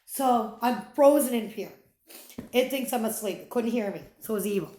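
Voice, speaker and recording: A woman's voice: on the high side, moderate pace, warm tone. Woman telling a dramatic ghost story in an echoey room. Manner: dramatic, drops to whispers and swears freely. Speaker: vlogger. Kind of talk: casual storytelling.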